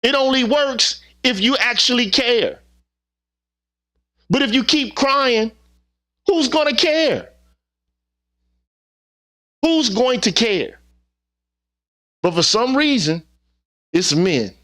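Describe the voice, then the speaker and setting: A man's voice: very high voice, expressive, slow, long pauses, pushed and bright. A man hosting his own channel, delivering a heated opinion monologue with profanity and repeated rhetorical questions. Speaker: channel host.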